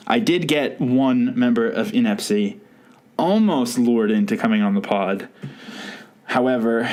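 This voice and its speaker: A man's voice: medium pitch, darkish tone. A man hosting a podcast in casual chat, rambling and laughing at his own stories. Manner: rambling, self-amused, laughs often. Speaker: podcast host.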